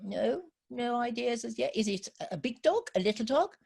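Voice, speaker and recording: A woman telling a children's story live to an online audience, gently encouraging and asking listeners for ideas. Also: on the high side, expressive, normal speed, gravelly, breathy edge.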